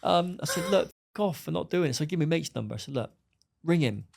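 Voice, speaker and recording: Fast-talking gravelly man. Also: fairly high pitch, lively intonation, a little mellow. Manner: blunt, swearing, acts out dialogue. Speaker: podcast guest. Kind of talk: storytelling interview.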